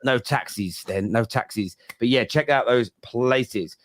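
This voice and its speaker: A man's voice: medium pitch, a little slow, dry recording. A man in his late thirties with a London accent, hosting a casual football fan podcast, joking around and reading out viewer comments. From England. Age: 30s. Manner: jokey, banters and reads out viewer comments. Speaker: podcast host.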